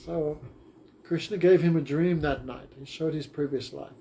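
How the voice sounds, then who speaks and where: A male teacher tells a story in class, his voice on the high side and warm, at a normal speed. His retelling is plain and simple, built from short phrases, with light background noise.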